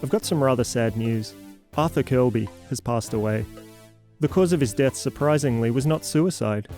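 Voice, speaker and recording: A man hosting an audio fiction show, introducing the episode with deadpan dark humor. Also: mid-range voice, moderate pace, faint music behind. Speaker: podcast host. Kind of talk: scripted narration.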